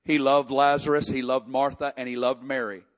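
A man preaching a sermon, reading scripture and building to impassioned, near-shouted prayer. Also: mid-range voice, little pitch movement, moderate pace. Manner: impassioned preaching, rising to shouts in emotional passages. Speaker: pastor.

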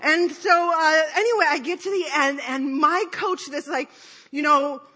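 Lady giving a chatty sermon, high bright voice, rambles thru a funny story about herself. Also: moderate pace. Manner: rambling storyteller with many fillers and asides; self-deprecating, laughing at herself. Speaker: speaker at church. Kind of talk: conversational sermon with personal story.

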